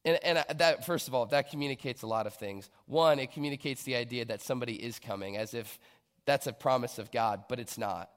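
A man's voice: medium pitch, brisk, smooth. Earnest male preacher in a reverberant hall. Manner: earnest, building to emphatic bursts. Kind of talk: sermon. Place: church stage.

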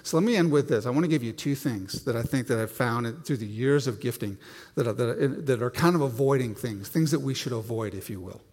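A man's voice: mid-range voice, lively intonation, brisk, darkish tone, in a large hall. A man preaching a sermon, telling self-deprecating stories with frequent restarts.

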